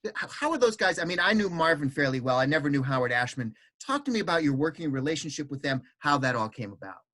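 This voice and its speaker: A man hosts an interview over a video call, chatty and encouraging as he asks his guest to say more. His voice is bright and forward, pitched a little high for a man. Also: lively intonation, fast talker. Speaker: interview host, musician. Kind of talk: casual interview.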